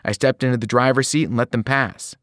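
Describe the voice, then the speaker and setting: A man reading a novel aloud to students, telling the story in a lively way and breaking into sudden voiced cries. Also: medium pitch, a little fast, dry recording, studio quality. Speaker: reader.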